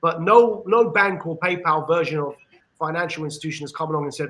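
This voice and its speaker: A man with an English accent giving an earnest discussion monologue on a podcast, with frequent pauses and restarts. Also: fairly high pitch, fairly even intonation, a bit bright, rough recording. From England. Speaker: podcast panelist.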